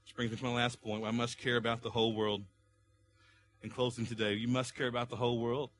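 A man preaching a sermon as pastor, building to loud, impassioned pleas and easing back to a calmer teaching tone. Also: medium pitch, fast, slight background noise.

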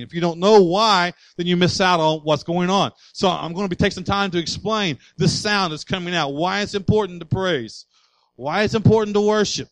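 Male pastor, passionate sermon delivery, slightly high-pitched, builds to loud declarations. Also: moderate pace, no room sound, rough recording.

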